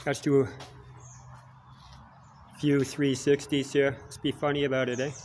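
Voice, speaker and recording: A man's voice: medium pitch, little pitch movement, unhurried, darkish tone, slight background noise. A Canadian man in his sixties telling rambling personal stories in a folksy manner, chuckling as he goes. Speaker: vlogger.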